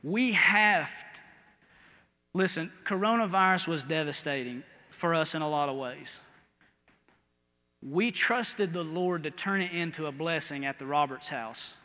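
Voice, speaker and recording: A man from the American Midwest preaching a sermon in a folksy, storytelling way, going from quiet to loud. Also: on the high side, a little slow, big-room sound.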